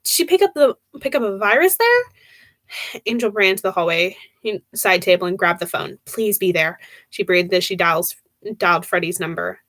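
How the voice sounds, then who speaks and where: A woman streamer reading a horror novel aloud, expressive, with occasional stumbles and restarts. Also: mid-range voice, normal speed, dry recording.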